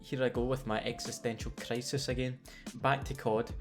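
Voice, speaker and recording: A Scottish man talking in a sardonic, sweary way, with a playful storytelling manner. He sounds like a gaming YouTuber reading a scripted comedic commentary, his pitch sitting in an ordinary middle range. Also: level tone, moderate pace, soft background music. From Scotland.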